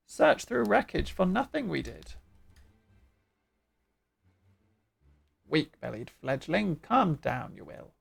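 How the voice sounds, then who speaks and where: A fierce, proud bird-creature warrior from a fantasy game, as a woman puts it on, talking in clipped phrases with the word order jumbled about. The voice jumps around in pitch and carries a gravelly rasp under the squawky edge. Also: heavily acted. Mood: haughty. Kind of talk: game dialogue voiced live.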